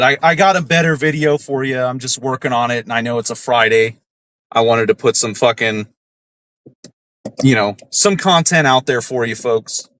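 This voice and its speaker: A man's voice: mid-range voice, a bit bright. A man hosting a podcast, ranting heatedly and swearing often, tagging his points with "right?". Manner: heated, swears a lot, keeps asking "right?". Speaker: podcast host. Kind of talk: casual profane rant.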